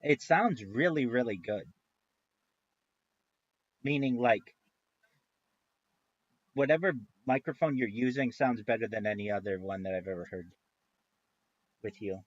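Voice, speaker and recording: A man's voice: medium pitch, a little slow, long pauses, dry recording, dull audio. A man streaming live, chatting casually in a rambling way, with frequent restarts and free swearing.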